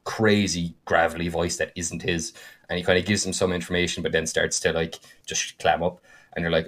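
Telling the tale of a game he ran, this podcast co-host speaks in an animated, chatty storytelling style. Fillers come often, and his voice keeps spiking briefly into a higher register.

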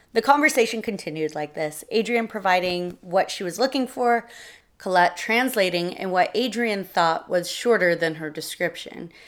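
A woman narrating a short story in a steady reading voice. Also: on the low side. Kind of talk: storytelling read-aloud.

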